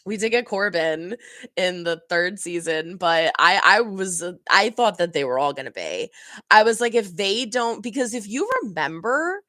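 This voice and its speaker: A woman's voice: medium pitch, moderate pace, no echo. A woman streaming casually, rambling and laughing as she answers her chat. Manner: chatty, rambling, animated, laughs often. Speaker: reaction streamer. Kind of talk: casual chat reading live chat.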